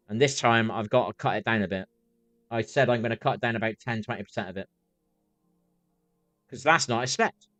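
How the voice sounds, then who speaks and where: A man's voice: mid-range voice, no echo. A man chatting casually on a live stream, rambling, swearing freely and repeating himself as he reacts to chat.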